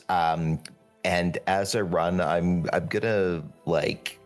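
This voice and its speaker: A man's voice: low-pitched, fairly even intonation, takes it slowly, soft background music. A man playing his character in a tabletop role-playing game, speaking hesitantly with many stammers.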